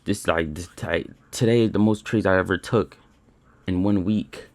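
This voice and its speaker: A man's voice: low voice, measured pace, gravelly, no echo. A young man recapping his trading day in a frustrated rant, swearing often and repeating himself. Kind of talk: frustrated screen-share rant.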